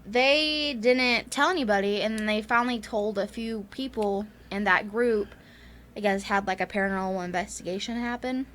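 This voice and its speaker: A woman's voice: mid-range voice, moderate pace, fairly bright tone, slight background noise. Rambling Southern woman telling a ghost story. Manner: rambling, laughs often, many fillers. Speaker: podcast co-host. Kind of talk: casual storytelling chat.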